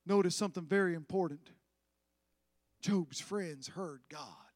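A man preaching a sermon, dramatic, swinging from loud passages to hushed ones. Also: high voice, unhurried, no echo, studio quality.

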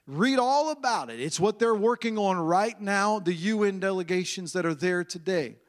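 Male preacher, high voice, emphatic and repetitive, pace swings between rushed and drawn out. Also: expressive. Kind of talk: sermon.

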